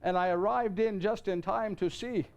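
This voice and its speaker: A man's voice: high-pitched, fairly even intonation, moderate pace, gravelly, clean tone. An actor playing a nineteen-year-old carpenter, earnest and flustered, in a live stage monologue. He stammers and repeats himself, and he speaks straight to the audience. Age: young adult. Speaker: actor in one-man show. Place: church before a live audience.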